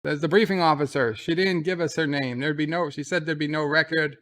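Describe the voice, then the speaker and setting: A man's voice: a little high, steady tone, fairly quick, fairly bright tone. A man giving casual live commentary while watching a show. He hums theme music, then recaps scenes in loose, stumbling quoted dialogue. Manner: loose, rambling, stumbles and restarts.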